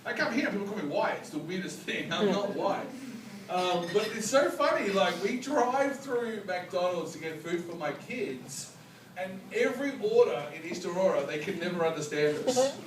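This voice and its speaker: A high-pitched Australian man doing stand-up on a club stage, his voice swooping up and down as he rambles through his stories. He is picked up from some distance in a roomy space, and a packed crowd roars with laughter around him. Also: normal speed. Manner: animated, rambling, heavy use of "like". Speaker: stand-up comedian. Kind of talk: live stand-up storytelling. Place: comedy club bar stage. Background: loud audience laughter and crowd noise.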